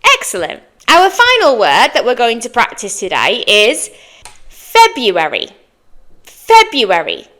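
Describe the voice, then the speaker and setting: Bright, lively British woman teaching English. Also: a little high. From Britain. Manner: slow, clear modeling of words with encouraging praise. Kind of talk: pronunciation lesson.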